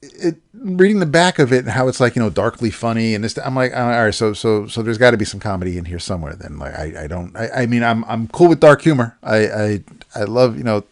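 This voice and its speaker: A man's voice: medium pitch, animated, a little fast. A man co-hosting a comics podcast, casually recapping a story with many restarts and fillers.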